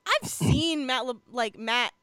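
A young woman chatting casually on a podcast, talkative and quick to laugh, with many fillers. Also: sits high, expressive, fairly bright tone, smooth, dry recording. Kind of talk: casual chat about TV shows.

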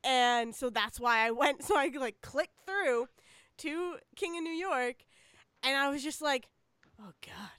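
A woman's voice: high voice, measured pace, fairly bright tone, dry recording, studio quality. A woman co-hosting a podcast, chatting casually with lots of fillers and laughter. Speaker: podcast co-host. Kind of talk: casual chat.

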